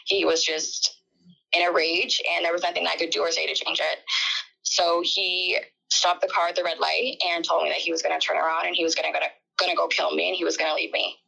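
A woman in an interview, recounting a personal ordeal in a halting, emotional way with many fillers. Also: lowish voice, little pitch movement, gravelly, pushed and bright, slightly rough, poor audio.

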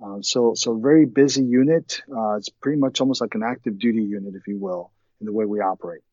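A man from Puerto Rico answering interview questions as a guest, talking in a relaxed, conversational way with frequent ums and uhs. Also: lowish voice, fast talker, no echo, muffled recording. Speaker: military commander, guest.

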